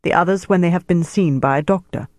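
A man reading the part of a commanding male German army major in an audiobook, in a crisp tone of authority. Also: high voice, fast talker, no room sound, natural voice.

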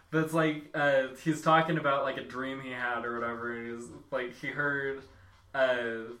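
A man's voice: medium pitch, fairly even intonation, a little slow, pushed and bright. A young man in a casual chat, loose and laughing, often searching for words. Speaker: friend in a chat. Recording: roomy, distant mic.

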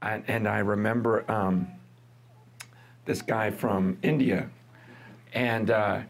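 A middle-aged American man preaching a sermon in a conversational, lively way, with frequent fillers and restarts. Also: on the low side, slow pace. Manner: conversational, lively, laughs with the congregation. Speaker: pastor.

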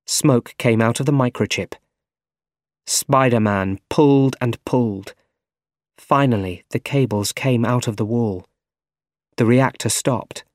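Male learner-audiobook narrator; slow, clear, mid-pitched, bone-dry booth sound. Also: no room sound. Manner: slow, even and carefully clear. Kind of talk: scripted narration for language learners.

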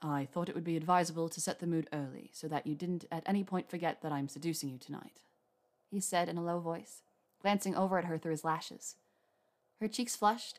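A woman narrating a story aloud in a measured, even reading. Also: fairly low pitch. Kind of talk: reading fan fiction aloud.

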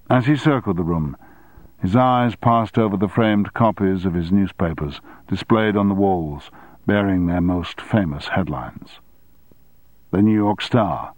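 A man narrating an audiobook novel in a measured, even storytelling manner. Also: deep voice, no echo. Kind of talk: scripted narration.

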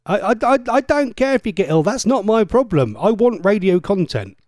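A man hosting a radio show, chatty and cheeky, with a lively voice that swoops up and down. He rambles, restarts his sentences and stammers over words. The studio sound is close and dry, with no room echo. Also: high-pitched, moderate pace. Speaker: radio presenter. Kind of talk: casual radio chat reading listener messages.

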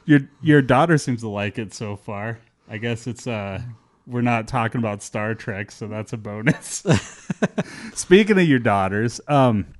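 Guy hosting a podcast, middle-pitched, loose and chatty, lots of "like" and laughs. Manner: animated, laughs often, many fillers. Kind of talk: casual chat.

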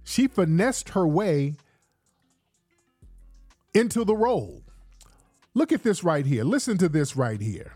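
Male host, casual slang commentary; lively delivery with faint music underneath. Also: fairly high pitch, takes it slowly, long pauses, slightly rough. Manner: animated, streetwise slang, repeats himself. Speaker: podcast host.

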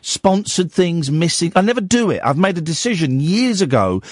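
A male radio host with a croaky voice, talking casually in a rambling, sardonic, ranting way into a studio microphone. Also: fairly high pitch, very animated, moderate pace, no echo. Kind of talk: casual late-night radio talk.

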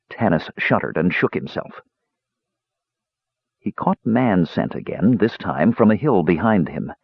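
A man narrates a fantasy story in a low, husky voice that moves up and down a lot. The recording is dull and dry, with no room sound. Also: no room sound. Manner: measured storytelling, lively pitch. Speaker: audiobook narrator.

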